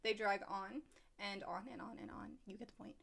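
A woman, a teacher, co-hosting a podcast in casual chat, chatty and quick to laugh. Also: medium pitch, fairly even intonation, creaky, fairly bright tone.

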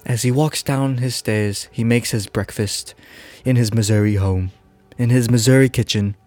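A man's voice: mid-range voice, fairly even intonation, measured pace, a little mellow, faint music behind. A man hosting a podcast, making up a silly story, rambling and laughing at himself. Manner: rambling, giggly, self-interrupting. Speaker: podcast host. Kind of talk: improvised comic storytelling.

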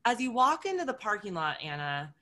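A woman's voice: medium pitch, big pitch swings, brisk, sharp tone. A woman nutrition coach talking through a vivid everyday scenario, acting out quoted inner voices as she goes. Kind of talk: animated storytelling talk.

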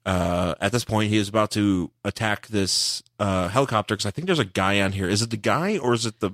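A man co-hosting a casual podcast about comic books, rambling and halting as he recaps. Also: lowish voice, fairly bright tone, no room sound, clean studio sound. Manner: rambling, halting, many fillers and restarts. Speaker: podcast co-host. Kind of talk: casual comic book chat.

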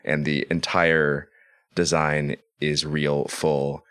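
A man's voice: a bass voice, level tone, slow, fairly bright tone, clean tone. A man hosting a podcast, introducing his guest with enthusiasm. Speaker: podcast host. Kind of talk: scripted intro and casual chat.

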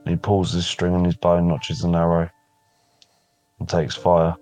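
Deep-voiced male player. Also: monotone, a little slow, darkish tone, faint music behind. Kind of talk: describing his character's actions.

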